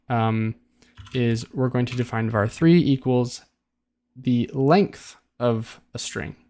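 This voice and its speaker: A man teaching a coding lesson in a relaxed, chatty way, thinking aloud, restarting phrases and filling pauses with ums. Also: mid-range voice. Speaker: coding tutor. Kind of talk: casual screen-recorded coding tutorial.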